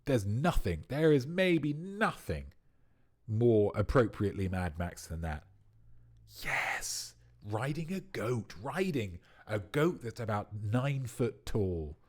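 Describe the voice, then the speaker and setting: A man's voice: medium pitch, big pitch swings, slow pace. A man hosting a quiz livestream, riffing playfully and at length on viewers' answers. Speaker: quiz host.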